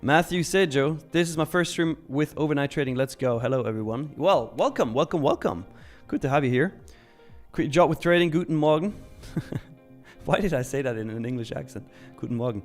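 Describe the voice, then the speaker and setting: A young Swiss man hosts a live trading stream, casually reading viewer messages aloud and answering them. His medium-pitched voice is expressive and brisk, with soft background music.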